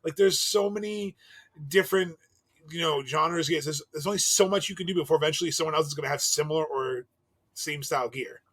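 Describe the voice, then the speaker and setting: Male podcast co-host, fairly high and bright, animated, quick to laugh. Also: slightly rough. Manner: animated, laughs often, swears. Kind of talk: casual wrestling podcast chat.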